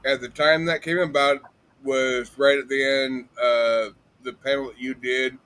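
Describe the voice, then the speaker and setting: Male host, casual, halting delivery with pauses. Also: mid-range voice, steady tone, a bit bright, smooth. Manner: hesitant, many fillers and restarts. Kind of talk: casual chat.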